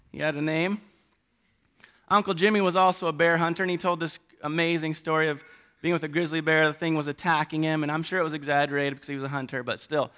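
A middle-aged man preaching a sermon, animated, swinging between loud emphasis and quiet asides. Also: a little high, smooth.

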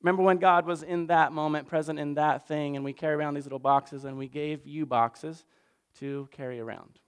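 A man's voice: a little high, steady tone, fairly quick, clear, resonant tone. A man preaching a casual sermon recap in a conversational, self-deprecating way, acting out little voices. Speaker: pastor.

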